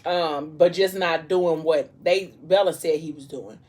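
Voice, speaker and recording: A woman with a somewhat low voice chats over a meal in the style of a casual vlog. She retells a story in an animated way and throws in playful asides. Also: measured pace. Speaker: vlogger. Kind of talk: casual storytelling during a mukbang.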